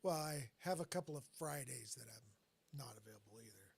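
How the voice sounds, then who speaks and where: Married guy with a raspy gravelly voice, trails off quietly. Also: mid-range voice, animated, a little fast. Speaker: tabletop game player. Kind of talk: casual scheduling chat.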